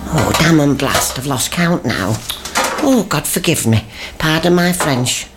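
An actress playing a fussy, affectionate mother in a radio comedy, prim and gently chiding. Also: low voice, expressive, unhurried, heavy background noise. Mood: motherly.

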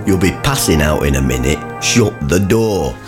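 An actor playing a blunt, grumpy working-class father in a radio comedy, gruff and scoffingly sarcastic. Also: low voice, lively intonation, unhurried, over music. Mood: grumbling.

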